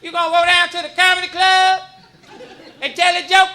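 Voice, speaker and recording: A man voicing an excitable old grandmother in a shrill falsetto, with gushing, drawn-out delight. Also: some chatter behind, heavily acted. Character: excitable old grandmother who wants to get high. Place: comedy club stage.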